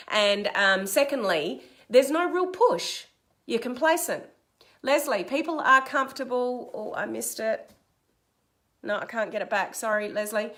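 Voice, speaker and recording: Bright energetic Australian woman coaching. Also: mid-range voice. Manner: energetic, direct, reads viewer comments aloud. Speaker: online business coach. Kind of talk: motivational Facebook Live talk.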